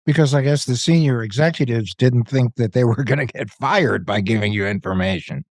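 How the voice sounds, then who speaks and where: A man's voice: medium pitch, a little fast, darkish tone, no echo. A man hosting a podcast, chatting with a guest in a wry, joking way. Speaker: podcast host. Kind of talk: casual interview chat.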